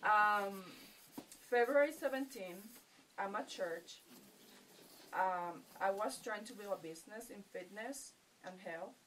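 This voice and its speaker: A woman's voice: medium pitch, fairly bright tone. A middle-aged woman with a Puerto Rican accent, giving a personal testimony to a retreat group in a storytelling way, often laughing. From Puerto Rico. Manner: storytelling, acting out her own quotes, laughs often. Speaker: retreat participant. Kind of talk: personal testimony in a sharing circle. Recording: distant mic, faint background noise.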